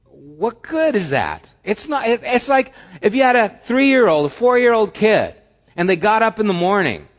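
A male pastor preaching with animated delivery, swinging from loud, emphatic lines to soft, hushed ones. His voice is fairly high for a man. It rings out with a long reverb, as if he is in a church hall. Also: moderate pace. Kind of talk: sermon.

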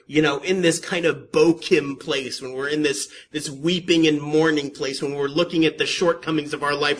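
A man pastor preaching a sermon to his congregation, moving from calm teaching to impassioned, emphatic questioning, with joking asides to the congregation. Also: on the high side, moderate pace, hardly any pauses, breathy edge. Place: church sanctuary with a congregation.

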